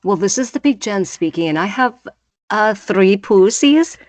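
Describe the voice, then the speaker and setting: A woman's voice: mid-range voice, lively intonation, unhurried, darkish tone, no echo. A woman guest on a podcast, talking in a brash, crude, joking way. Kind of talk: casual chat.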